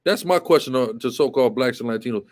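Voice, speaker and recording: A man's voice: mid-range voice, quick pace. A man hosting live commentary, talking emphatically and repeating himself, often asking "right?". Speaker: show host.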